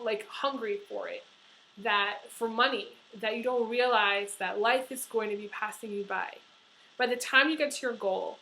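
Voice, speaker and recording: A woman's voice: on the high side, sharp tone, slight background noise, rough recording. A woman giving a tarot horoscope reading, talking earnestly and emotionally with many fillers and restarts. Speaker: tarot reader.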